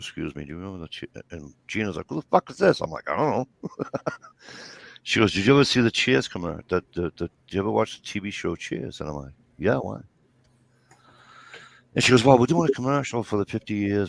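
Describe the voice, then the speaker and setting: A man's voice: on the low side, creaky, no echo. A man, telling rambling, swear-filled stories in casual chat. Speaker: storyteller.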